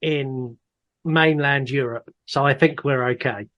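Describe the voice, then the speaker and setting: A man's voice: medium pitch, fairly even intonation, slow pace, highs cut off. A man co-hosting a casual movie podcast, joking and rambling a bit. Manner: jokey, rambling, self-deprecating. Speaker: podcast co-host.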